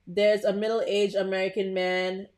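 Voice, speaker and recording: A woman's voice: mid-range voice, flat delivery, measured pace, darkish tone. Chatty woman hosting a live tutorial. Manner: chatty, talks to live viewers, frequent "um" and restarts. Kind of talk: casual live screen-share tutorial.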